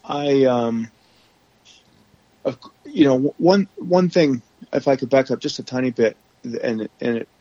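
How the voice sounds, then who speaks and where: A man guest telling his story candidly on a podcast, halting often with restarts and fillers, over remote call audio. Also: mid-range voice, warm tone, dry recording, lo-fi sound.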